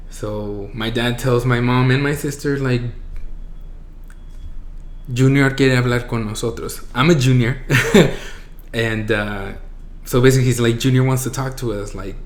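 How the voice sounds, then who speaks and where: A man in his twenties telling a personal story to his viewers, casual and emotional, with lots of "like"s and some Spanish phrases. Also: medium pitch. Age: 20s. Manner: emotional, voice breaking near tears at times. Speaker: vlogger. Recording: echoey room.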